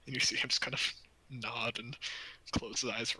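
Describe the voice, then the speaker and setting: Guy running a tabletop game, super bright and kinda breathy, laid back, lots of um and like. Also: medium pitch, level tone, brisk, few pauses, rough recording. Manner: casual, loose, full of fillers. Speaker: game master.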